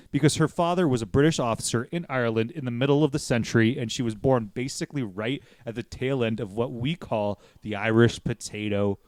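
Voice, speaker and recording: A man's voice: mid-range voice, a little mellow, no echo. A man from the United States hosting a podcast, chatting casually and rambling with jokes and the odd swear word. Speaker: podcast host.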